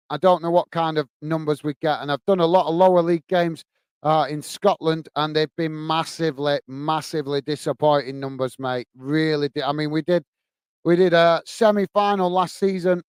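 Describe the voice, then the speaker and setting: A man from the UK hosts a football fan live stream in an easygoing, chatty way. He calls everyone "mate" and fills his pauses with "uh". His voice sits a little high and comes through smooth and clear in a dry, close room. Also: a little mellow, dry recording. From United Kingdom. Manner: chatty, says "mate" a lot, many fillers. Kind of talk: casual live chat reading comments and scores.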